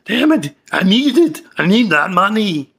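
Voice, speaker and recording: A man's voice: high-pitched, big pitch swings, unhurried, vocal fry, fairly bright tone, breathy edge, full character voice. A man playing a hot-tempered young man in a comedy skit, cursing and insulting his therapist. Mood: grumbling.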